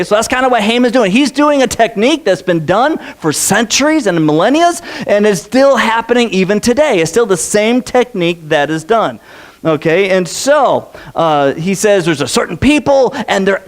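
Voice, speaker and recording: A man's voice: sits high, sing-song, normal speed. A man preaching a sermon in a church, talking conversationally, repeating phrases and checking in with the congregation. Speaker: pastor. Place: church sanctuary.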